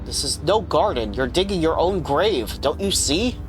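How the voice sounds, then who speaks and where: An earnest young woman pleads urgently, as a man reads her lines in a higher pitch. Her voice is raised and imploring, with game music playing clearly behind. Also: expressive, moderate pace, lightly acted. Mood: pleading.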